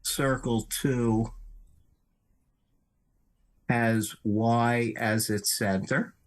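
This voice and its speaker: Man, math tutor, slow and hesitant, step-by-step explaining, unhurried drawl. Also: medium pitch, fairly even intonation. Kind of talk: explaining a geometry problem.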